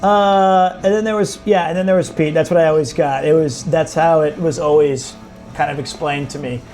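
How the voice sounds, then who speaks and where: Guy with a high voice rambling over drinks, soft music behind. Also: fairly even intonation, moderate pace. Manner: rambling, trails off and restarts. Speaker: guest. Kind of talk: casual chat over drinks. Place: bar or pub.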